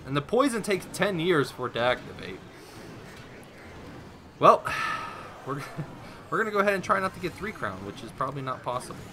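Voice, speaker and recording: A man's voice: on the high side, very animated, moderate pace, long pauses, noisy background. A young man giving rambling, self-mocking live commentary while playing a mobile game. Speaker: gaming YouTuber.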